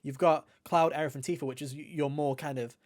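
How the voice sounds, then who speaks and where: A man talks games on a casual podcast. His voice sits a touch high, and he hands out blunt, teasing verdicts. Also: fairly even intonation, brisk. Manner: opinionated, playfully blunt. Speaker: podcast co-host.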